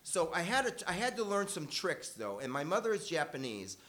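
This older man's bright, slightly high voice has a sing-song lilt as he tells a childhood story to a live audience at a fairly quick clip. His delivery is loose and conversational, dry in its humor and dotted with self-corrections.

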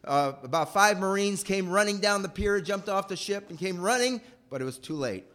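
A man telling a personal childhood story in a rambling, animated way. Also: sits high, normal speed. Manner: animated, rambling, acts out voices.

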